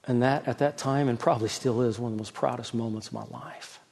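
A middle-aged man, a pastor, preaching a sermon with a personal story, swinging from loud emphasis to soft, hushed telling. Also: mid-range voice, fairly even intonation, fast, gravelly, breathy edge.

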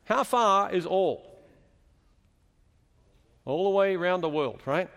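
A fairly high-voiced man delivers a teaching sermon, working through scripture and putting questions to his listeners. His voice carries a long reverb from the chapel he speaks in. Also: lively intonation, slow, a bit bright. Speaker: preacher.

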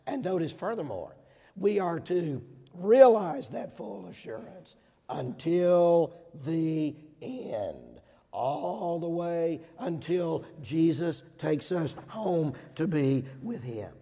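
A middle-aged man from Georgia with a Southern accent, preaching a sermon emphatically, swinging between loud stressed words and quieter asides. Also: on the high side, animated, takes it slowly. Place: large hall with audience. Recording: hall reverb.

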